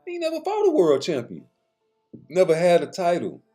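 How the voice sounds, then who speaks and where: A man's voice: high-pitched, huge pitch swings, normal speed, dark tone, husky, faint music behind. A man giving a blunt, slangy boxing commentary rant straight to his viewers, with profanity.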